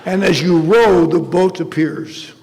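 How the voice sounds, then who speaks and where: A man's voice: high-pitched, unhurried, darkish tone. An older man giving a humorous storytelling talk as a recovery meeting speaker, with a wry manner and acting out the dialogue in his stories. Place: large convention hall. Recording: live talk with long hall reverb.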